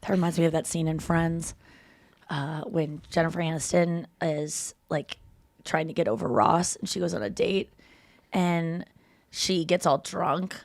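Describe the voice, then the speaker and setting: A woman's voice: sits low, unhurried, vocal fry. A woman podcast host in casual chat, eagerly retelling a TV scene and acting out the characters' lines. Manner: animated storyteller, acts out characters' lines.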